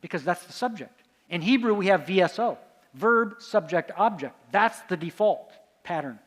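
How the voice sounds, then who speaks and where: A man's voice: sits high, lively intonation, moderate pace. A man giving a conference lecture, quizzing the audience with questions and answering them himself. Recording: long hall reverb.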